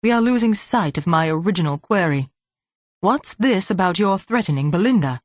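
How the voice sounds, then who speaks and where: A woman's voice: lowish voice, lively intonation, moderate pace, no room sound. A woman voicing a stern, probing male police inspector in an audiobook.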